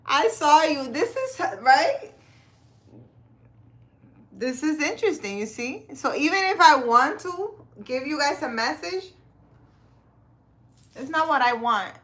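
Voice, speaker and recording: A woman's voice: sits high, very animated, slow, long pauses, a bit bright. A woman running a casual live stream, reading cards and chatting with viewers by name, laughing often. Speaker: live-stream card reader.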